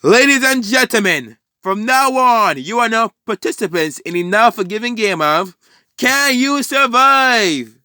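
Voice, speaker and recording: A man voicing a manic male symbiote villain who shouts high, gleeful taunts, in a fan storytelling recording. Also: expressive, measured pace, dry recording, studio quality, exaggerated voice.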